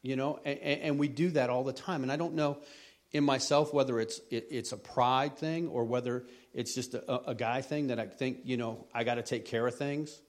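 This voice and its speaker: Middle-aged man, plain mid pitch, lay preacher with a folksy, halting sermon delivery. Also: steady tone. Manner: rambling, repeats words, folksy. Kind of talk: conversational sermon.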